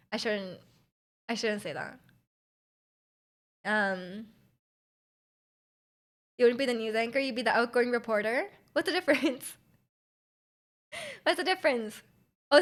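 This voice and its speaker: Speaking with a Canadian accent, a young woman from Canada hangs out with her Twitch chat, her voice fairly high-pitched and a bit bright. She rambles casually, laughing and letting sentences trail off.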